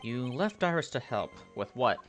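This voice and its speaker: A man plays a stern, formal prosecutor from a courtroom video game, pressing a witness with crisp, pointed questions. His voice sits at an ordinary middle pitch with faint music beneath. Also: sing-song, moderate pace, a bit bright. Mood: probing.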